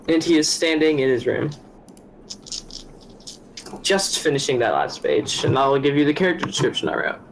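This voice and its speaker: Man, higher pitch, relaxed tabletop player describing his character, faint background hum. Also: moderate pace, pauses often, low-quality recording. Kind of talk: casual chat and character description.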